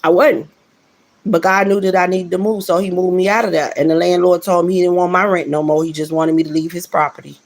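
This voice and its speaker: Middle-aged woman, a fry in her voice, giving an earnest, casual spiritual testimony. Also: on the low side, fairly even intonation, brisk. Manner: earnest, repeats phrases for emphasis, addresses listeners directly.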